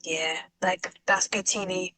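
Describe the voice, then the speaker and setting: A woman's voice: fairly low pitch, fairly even intonation, slow, pushed and bright, no echo, poor audio. A woman guest on a podcast, chatting casually and rambling with lots of fillers. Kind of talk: casual chat.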